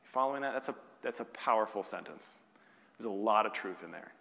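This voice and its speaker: A male pastor delivering a sermon, asking rhetorical questions and slowing down with long pauses on key words. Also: on the low side, lively intonation, vocal fry, sharp tone. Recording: long hall reverb.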